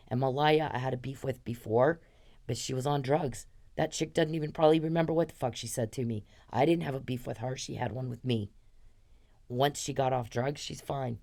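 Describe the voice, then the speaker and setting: Her bass voice carries a darkish tone as this podcast host, a woman in her fifties, rants at someone she's addressing directly, swearing and hurling accusations.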